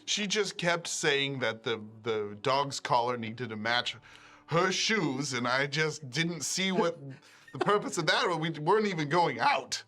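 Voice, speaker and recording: A man's voice: on the high side, animated, unhurried, sharp tone, faint music behind. A man voicing a flustered male investigator who grumbles indignantly in a tabletop horror game. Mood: bewildered, grumbling.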